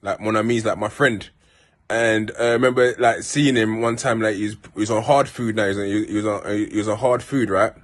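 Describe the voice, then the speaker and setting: A man's voice: fairly low pitch, steady tone, a little fast. A man from South London with a South London accent, telling rambling, heartfelt stories in a casual monologue full of street slang and restarts. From Peckham, South London. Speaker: vlogger.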